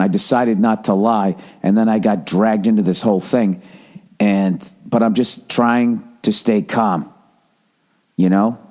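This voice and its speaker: A man's voice: lowish voice, darkish tone. A man in his forties hosting a podcast, telling a long exasperated story in a casual, profane monologue. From Massachusetts. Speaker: podcast host.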